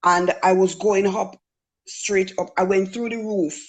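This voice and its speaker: A woman's voice: medium pitch, steady tone, unhurried. A middle-aged woman from Jamaica with a Jamaican accent, earnestly telling a personal story in casual talk. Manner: earnest storytelling, acts out quoted voices. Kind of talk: casual testimony.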